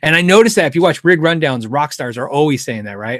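A man's voice: on the high side, expressive, fast, hardly any pauses, a bit bright, no echo, studio quality. A middle-aged man hosting a casual livestream Q&A, rambling and thinking aloud with frequent restarts and chuckles. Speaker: guitar show host answering viewer questions.

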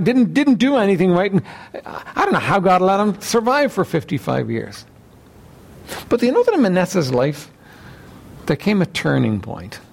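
High-voiced preacher clearing his throat. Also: darkish tone. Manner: frequent throat clearing, conversational asides to the congregation. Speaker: pastor. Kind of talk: sermon.

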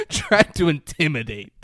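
A man co-hosting a casual podcast, retelling film scenes in an animated way, often laughing and jumping into loud high voices for the characters. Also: takes it slowly, no room sound, studio quality. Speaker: podcast co-host recapping a film. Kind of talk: casual chat.

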